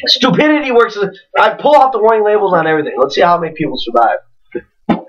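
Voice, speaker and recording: A man spins a rambling comic story in casual podcast chat, growing animated and cursing as he gets worked up. He sounds set back from the microphone, and the recording is dull and lo-fi. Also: sits high, brisk. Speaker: podcast co-host. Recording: distant, dull lo-fi home recording.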